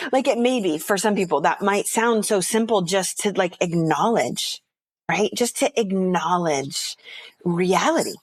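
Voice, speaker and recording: A woman therapist speaking as a podcast guest, gentle and reflective in her unhurried manner. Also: lowish voice, no echo. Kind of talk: podcast interview.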